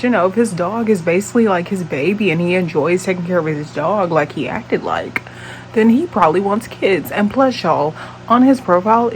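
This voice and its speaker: A woman's voice: on the low side, slight background noise, low-quality recording. A woman in her late twenties telling a dating story on her vlog in a blunt, profane, exasperated way. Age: late 20s. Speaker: vlogger.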